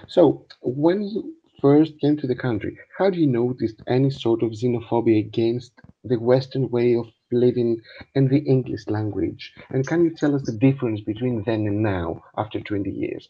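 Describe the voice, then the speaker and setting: Husky, gravelly man moderating a call. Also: mid-range voice, lo-fi sound. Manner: hesitant, trailing off, soft asides. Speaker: session moderator. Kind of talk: moderating an online Q&A. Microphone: video call.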